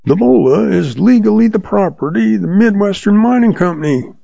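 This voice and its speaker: A man voicing a calm, sly old western outlaw who talks in a patient folksy drawl, in a storybook reading. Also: high voice, fairly quick, gravelly, husky, dry recording, voice pushed up, heavily acted. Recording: dull lo-fi sound.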